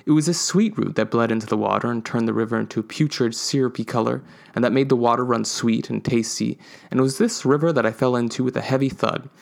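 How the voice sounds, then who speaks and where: A man reads a whimsical story on a podcast, his delivery dry and measured. His voice has a gravelly, creaky texture at mid pitch. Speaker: podcast co-host reading a story. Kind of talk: scripted storytelling narration. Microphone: podcast microphone.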